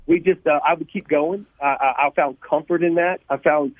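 A man from Louisiana, telling his life story as a radio guest, animated and laughing, often repeating words. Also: on the high side, moderate pace, dry recording. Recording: tinny phone line, dry.

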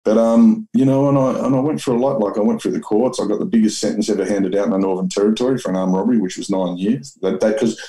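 A man's voice: lowish voice, quick pace, few pauses, dark tone, low-quality recording. An Australian man telling his story as an interview guest, rambling and blunt with lots of restarts and swearing.

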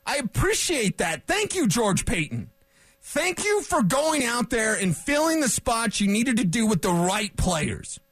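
Sports radio host, male, opinionated rant, high pitch, dry close studio sound. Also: unhurried, husky, no echo. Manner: animated, opinionated ranting. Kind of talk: sports talk radio monologue.

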